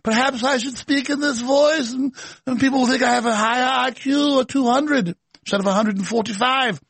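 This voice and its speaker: A man doing a mock-lofty, drawn-out imitation of a posh English accent. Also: very high voice, vocal fry, fairly bright tone, slightly rough, dry recording, voice pushed up, heavily acted.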